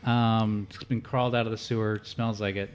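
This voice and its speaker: Halting male game master. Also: fairly low pitch, level tone, smooth. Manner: halting, full of fillers and restarts. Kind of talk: improvised game narration.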